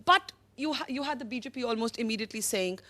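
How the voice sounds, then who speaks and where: A woman, moderating a televised panel debate with articulate, measured questions. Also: a little high, lively intonation, sharp tone, no echo. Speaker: host.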